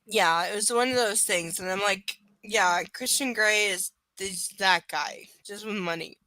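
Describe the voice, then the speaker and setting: A woman's voice: mid-range voice, unhurried, sharp tone, dry recording. Sarcastic, swearing woman reading aloud. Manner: sarcastic, profane asides. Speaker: live book reader. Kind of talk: casual live reading with commentary.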